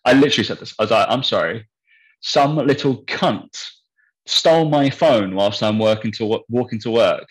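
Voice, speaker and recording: A man's voice: medium pitch, normal speed, low-quality recording. A young man chatting casually on a podcast, telling a story bluntly and swearing freely. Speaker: podcast co-host. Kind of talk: casual chat.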